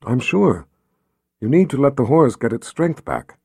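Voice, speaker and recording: A man reading aloud, voicing a gentle, soothing motherly woman who speaks softly. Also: mid-range voice, sing-song, measured pace, gravelly, slightly rough, dry recording, studio quality, heavily acted.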